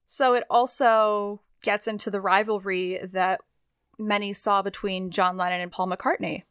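A young woman co-hosting a podcast in casual chat. She talks at an easy middle pitch and often restarts her sentences with a self-deprecating aside. The recording is close and dry. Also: fairly even intonation, a little slow, fairly bright tone, smooth, no room sound. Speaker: podcast co-host.

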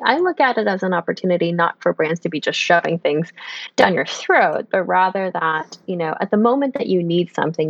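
A woman's voice: on the low side, no echo, dull audio. A woman answering interview questions as a consultant, thoughtful and peppered with "you know" and "right". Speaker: guest consultant.

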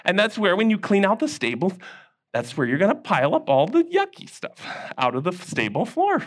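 Animated man telling a children's Bible story. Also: sits high, fairly quick. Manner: animated, call-and-response with kids. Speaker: children's minister.

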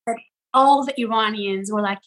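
A middle-aged woman from Iran, a social media creator talking in an interview in an animated way and checking in with the listener as she goes. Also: on the high side, rough recording. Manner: animated, talks in quick bursts and often checks in with "right?". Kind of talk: casual interview chat.

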